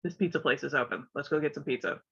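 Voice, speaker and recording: Stuffed-up woman from west virginia rambling on a stream, deep voice, muffled lo-fi sound. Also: quick pace, sharp tone, husky. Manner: chatty, laughs often, rambling. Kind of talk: casual stream chat. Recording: dull lo-fi audio.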